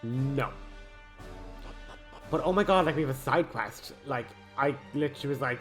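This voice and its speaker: A man comments on his gameplay in a rambling, jokey and excitable way. Faint music plays softly in the background. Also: medium pitch, moderate pace, long pauses. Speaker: let's play host.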